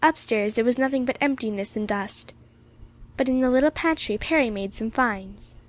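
A woman narrates an audiobook with a steady, expressive reading. Her voice sits a little high for a woman. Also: moderate pace.

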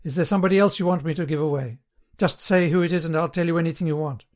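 Guy doing a panicky starving prisoner begging hard, highish voice, audiobook. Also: fairly even intonation, rapid-fire, close to an everyday voice. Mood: frantic. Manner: frantic pleading, high and loud. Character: starving terrified male prisoner begging for mercy.

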